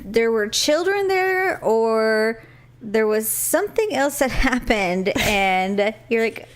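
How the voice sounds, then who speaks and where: A woman's voice: fairly high pitch, lively intonation, slow. A middle-aged woman co-hosting a podcast in casual chat, prompting her sister with questions, short agreements and laughs. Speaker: podcast co-host.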